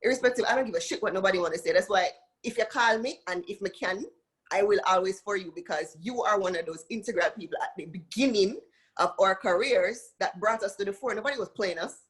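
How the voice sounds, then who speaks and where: A woman's voice: medium pitch, a little fast, breathy edge. Jamaican woman telling her story. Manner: animated storytelling, acts out quoted voices. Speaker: dancehall singer guest. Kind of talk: casual interview chat.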